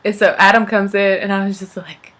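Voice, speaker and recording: A woman's voice: mid-range voice, little pitch movement, brisk, a bit bright. A young woman, chatting casually as she tells a family story, laughing and acting out what relatives said. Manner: chatty, laughing, acts out family members' lines. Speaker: vlogger.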